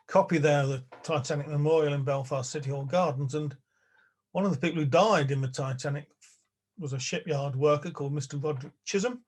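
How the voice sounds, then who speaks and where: A man's voice: fairly high pitch, darkish tone. An older man from England, giving an illustrated public talk from his study at home in a chatty, wry way with small chuckles. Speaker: lecturer. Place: spare-bedroom study at home.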